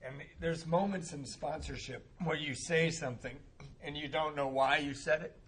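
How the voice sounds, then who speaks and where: A man speaking at a recovery meeting, telling a personal story in a casual, animated way and laughing often. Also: fairly high pitch, moderate pace, breathy edge. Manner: animated, laughs often, acts out voices in quotes.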